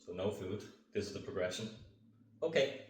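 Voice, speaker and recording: A man training his dog on camera, calmly explaining each step and breaking off for short commands and upbeat praise to the dog. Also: low-pitched, moderate pace, recorded from a distance, a little hiss or hum. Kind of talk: hands-on training demonstration. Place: indoor training room. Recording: echoey room, voice off-mic.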